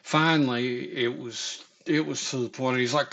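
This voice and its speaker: Slow, rambling, profane male storyteller. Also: mid-range voice, steady tone, gravelly, fairly bright tone. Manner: rambling and profane, with halting restarts. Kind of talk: casual spoken storytelling. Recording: dull lo-fi recording.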